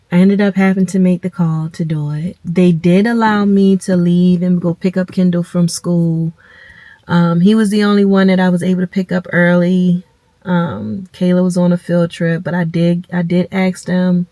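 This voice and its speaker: Grieving woman, low voice. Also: dark tone, dry recording. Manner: tearful, halting, addresses viewers as y'all. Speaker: vlogger. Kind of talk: emotional personal storytelling to camera.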